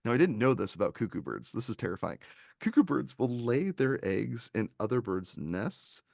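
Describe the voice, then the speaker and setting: A man's voice: medium pitch, sing-song, moderate pace, vocal fry, a little mellow, no room sound, clean studio sound. A man co-hosting a casual film review podcast, talking animatedly and quoting scenes in little put-on voices. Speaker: podcast co-host reviewing films. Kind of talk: casual chat.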